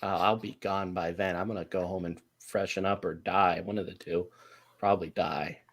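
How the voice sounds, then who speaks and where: A man's voice: low voice, fairly even intonation, moderate pace, pitched below the performer's own voice. A man voicing a sleepy, casual young woman guard at a gate, drowsy and giggly. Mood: glum joking.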